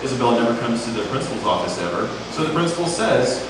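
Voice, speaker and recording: A man's voice: medium pitch, big pitch swings, quick pace, background noise. A man narrating a skit as a story, recorded far off in a large room at a camp. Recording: echoey room, far from the mic.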